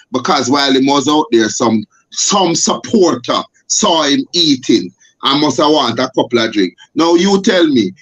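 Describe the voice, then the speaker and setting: A man's voice: mid-range voice, breathy edge. Impassioned Jamaican man, lo-fi audio. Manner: forceful, repetitive, rhetorical questions. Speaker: guest. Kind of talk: impassioned talk show discussion. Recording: dull lo-fi audio.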